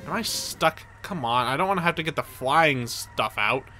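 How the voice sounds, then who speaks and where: A man giving excitable let's play commentary, reading game dialogue aloud and yelping when things go wrong. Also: on the high side, moderate pace, soft background music. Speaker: gaming video creator.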